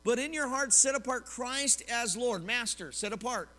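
Moderately paced, this high-pitched, bright-toned pastor from Oklahoma, US, gives a lively sermon full of personal stories and questions to his listeners. His voice rings with long reverb, as though in a large church sanctuary.

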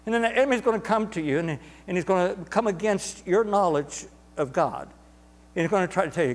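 A man's voice: sits high, expressive, brisk, big-room sound. A man preaching a sermon to a congregation, emphatic and repetitive, drawing words out for stress. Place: church sanctuary.

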